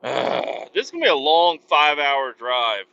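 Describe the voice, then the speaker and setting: A truck driver talks from his cab in a loose, rambling way, cursing freely at his failing engine. His voice is bright and forceful, and the recording sounds dull and lo-fi. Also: medium pitch, big pitch swings, moderate pace, vocal fry. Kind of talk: casual vlog while driving.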